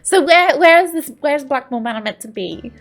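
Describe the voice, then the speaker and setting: Playful high-voiced woman gamer. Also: expressive, moderate pace. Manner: playful, joking, chatty. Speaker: gaming YouTuber. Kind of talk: let's-play commentary.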